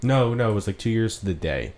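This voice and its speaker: A man's voice: lowish voice, expressive, fast talker, darkish tone. A man chatting casually as a podcast co-host, rambling with lots of fillers and mocking quotes. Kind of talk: casual chat. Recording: faint background hiss.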